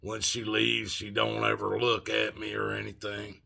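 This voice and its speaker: A man's voice: lowish voice, monotone, normal speed, creaky, sharp tone. A man of sixty telling a story in a rambling, folksy way with loose grammar. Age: 60s. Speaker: vlogger. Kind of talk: casual storytelling.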